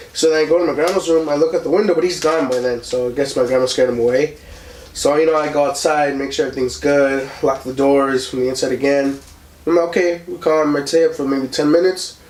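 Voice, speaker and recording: A young podcast host with a voice on the high side sits far from the mic in an echoey room with slight background noise. He tells an animated story, acting out the voices of the people in it and using lots of likes and ums.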